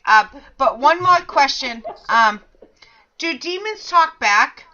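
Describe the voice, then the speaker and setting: A woman radio host with a bright, rather high voice, pausing on ums as she reads out listener questions. The sound is dull and lo-fi. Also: lively intonation. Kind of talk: casual radio chat. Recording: muffled, lo-fi.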